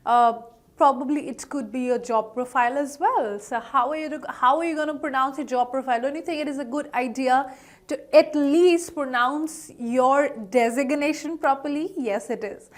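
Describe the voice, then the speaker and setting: A woman gives an online pronunciation lesson in a high, bright-toned voice. She is upbeat, keeps asking her viewers questions, and says each word slowly and more than once. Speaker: English pronunciation teacher.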